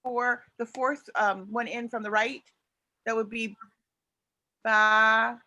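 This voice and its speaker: A woman's voice: a little high, steady tone, slow, sharp tone. A woman student asking a hesitant question in an online class, searching for her words.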